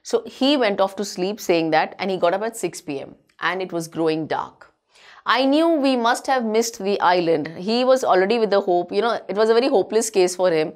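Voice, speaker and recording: An Indian English woman teaching a class, reading a story aloud at a medium pitch. She stops often to paraphrase in plain words, glossing each hard word with "as in." Her delivery is patient and explanatory, with frequent "you know" and "uh.". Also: expressive, fairly quick. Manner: reads a passage aloud, then paraphrases it line by line. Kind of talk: explaining a textbook chapter.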